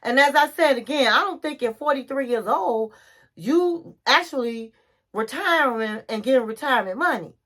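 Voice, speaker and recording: High bright-voiced woman gossiping over a recap. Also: lively intonation, moderate pace. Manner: chatty gossipy retelling, calls the listener honey. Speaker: reality show reviewer. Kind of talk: casual episode recap.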